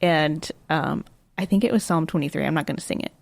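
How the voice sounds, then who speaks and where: A woman's voice: low voice, fairly quick, gravelly, no room sound. A young adult woman, a podcast guest, telling stories in a chatty conversational way with many fillers. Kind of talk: casual conversation.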